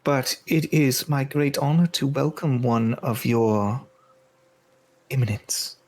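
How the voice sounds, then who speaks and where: A man's voice: mid-range voice, slow pace, a little mellow, natural voice. A man voicing a gracious, regal fairy queen who speaks with stately courtesy.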